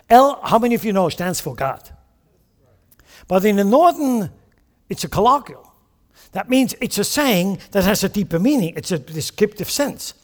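In a sermon to his congregation, a man with a high, light voice explains and stresses his points as he teaches. The long reverb of a large hall carries his words.

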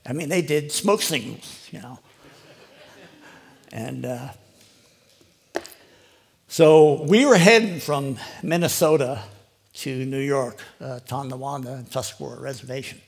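A man's voice: medium pitch, vocal fry, breathy edge. An older man giving a rambling, conversational personal testimony to a live audience, heavy with "you know". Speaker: lay preacher giving a testimony.

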